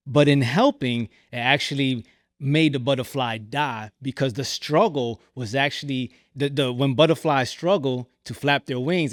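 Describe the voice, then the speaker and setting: A man's voice: medium pitch, dry recording, clean studio sound. Man hosting, rambling retelling. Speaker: podcast host. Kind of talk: podcast interview.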